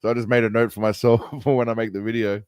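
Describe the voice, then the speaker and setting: A man's voice: lowish voice, level tone, fast talker, darkish tone, clear, resonant tone, no room sound. A man hosting a stream, casually reacting to a film trailer in a mocking, rambling way. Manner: mocking, rambling, laughs at his own jokes.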